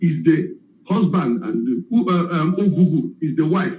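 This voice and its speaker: A man's voice: a little high, animated, roomy sound, slight background noise. Emotional man on phone line. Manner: slow, emphatic explaining. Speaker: caller.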